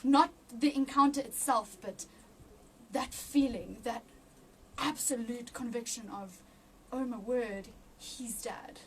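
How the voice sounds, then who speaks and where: A woman giving an emotional personal testimony in an interview, halting with many restarts and near tears. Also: fairly high pitch, far from the mic, slight background noise. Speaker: interview guest.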